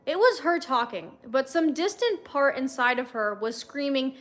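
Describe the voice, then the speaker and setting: Brief: young woman, high voice, casual livestream read-aloud with wry asides. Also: normal speed, fairly bright tone. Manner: chatty, wry comments between passages. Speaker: livestream host reading fanfiction.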